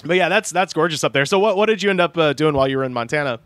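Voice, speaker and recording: A man's voice: a little high, expressive, very fast, fairly bright tone, no room sound. Chatty male podcast host, dry studio sound. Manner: chatty, storytelling, laughs often. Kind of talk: casual chat. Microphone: studio microphone.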